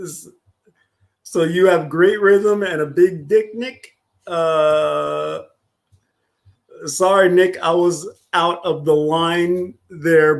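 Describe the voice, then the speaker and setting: A man streaming casual reaction commentary, profane and mocking, often breaking into laughter. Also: fairly high pitch.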